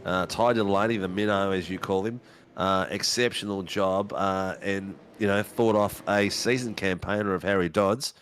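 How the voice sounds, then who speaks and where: A man's voice: low voice, normal speed, slight background noise. A man as a casual co-commentator, chatty and loose, calling his partner mate and filling gaps with ums. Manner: relaxed and chatty, says mate, many ums and uhs.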